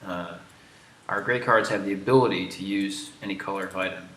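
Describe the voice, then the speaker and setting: Stream host, American man, low voice, playful and explanatory. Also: a little fast, a bit bright, roomy sound, a little hiss or hum. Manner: joking, teasing, explains features. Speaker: game developer hosting a stream. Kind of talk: casual livestream chat.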